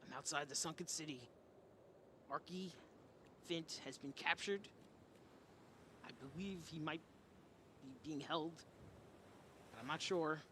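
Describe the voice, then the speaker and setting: A man's voice: on the high side, measured pace, pauses often, bright, forceful tone, slight background noise. A man as Botorius, a stranded adventurer. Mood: urgent.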